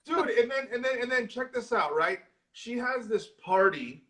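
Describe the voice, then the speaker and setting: Excitable, swearing, high-voiced man. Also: moderate pace. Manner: excitable, profane, storytelling with lots of swearing. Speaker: horror movie discussion co-host. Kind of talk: casual chat. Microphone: live social video stream.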